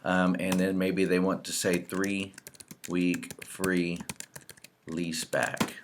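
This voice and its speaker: A man giving a relaxed screen-recorded software tutorial, explaining each step as he fills in example entries. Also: deep voice, extremely slow, background noise. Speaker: real estate software trainer.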